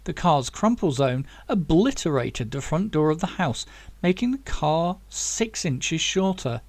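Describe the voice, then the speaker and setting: A man reading his own novel aloud in steady, dramatic audiobook narration. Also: fairly high pitch, unhurried, no room sound.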